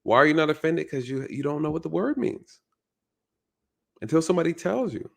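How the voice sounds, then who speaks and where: A man's voice: a little high, big pitch swings, a little fast, vocal fry. A male channel host giving a casual, reflective commentary monologue, often repeating his phrases and checking in with "right?".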